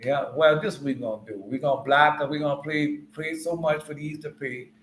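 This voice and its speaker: A man's voice: on the high side, fairly even intonation, a little fast, fairly bright tone, slight background noise. A man giving informal Bible teaching, talking loosely and conversationally and quizzing his listeners. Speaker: preacher. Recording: echoey room.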